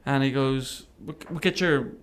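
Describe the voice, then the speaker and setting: A man's voice: medium pitch, measured pace, clean tone. A man, a podcast guest telling a personal story and acting out what people said. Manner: animated, acts out remembered dialogue. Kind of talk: casual storytelling interview.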